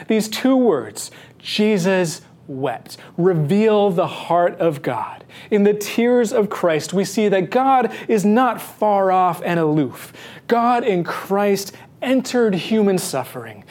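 A man reading Scripture aloud and preaching on it, slow and measured with dramatic pauses. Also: high-pitched, a little mellow. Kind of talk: Bible reading and sermon.

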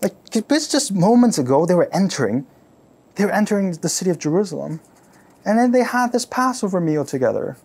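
A man preaching a sermon, retelling a story with dramatic force and repeating his phrases for emphasis. He asks his listeners to imagine the scene and swings between loud, urgent bursts and hushed near-whispers. His voice is fairly high with a husky grain. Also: sing-song, a little fast.

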